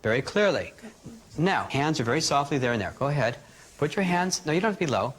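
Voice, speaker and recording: A man teaching a live workshop, calmly guiding a group through breathing exercises and demonstrating them aloud. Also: on the high side, fast, slightly rough. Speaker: energy healing teacher.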